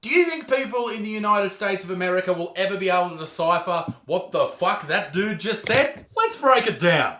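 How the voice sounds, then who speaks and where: Loud, swearing Australian comedian in an echoey room. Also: male voice, high voice, a little fast, few pauses, slight background noise. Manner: crude, swears a lot, loud and excitable. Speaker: comedian host. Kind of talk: ranting comedic reaction commentary.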